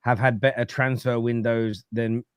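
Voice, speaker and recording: A man's voice: medium pitch, flat delivery, a little slow, clear, resonant tone, no room sound, studio quality. A man debating football on a fan podcast, opinionated, reading out viewer comments and rebutting them. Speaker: football podcast panelist, fan of his club.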